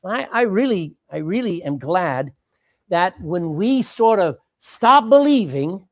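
A woman preaching a sermon, dramatic and animated, repeating phrases for emphasis and swinging between loud and hushed. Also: lowish voice, measured pace, no echo, clean studio sound.

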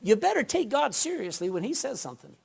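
A man's voice: very high-pitched, big pitch swings, quick pace, creaky, slightly rough. A man preaching a sermon to a congregation, folksy and emphatic, often calling for an amen. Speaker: pastor. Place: indoor room with a congregation.

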